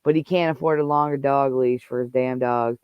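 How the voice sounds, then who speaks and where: A man's voice: medium pitch, fairly even intonation, a little fast, smooth, dry recording, dull audio. Profane man ranting on a livestream. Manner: angry, profane, heated rant. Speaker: livestream host. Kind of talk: casual ranting livestream chat.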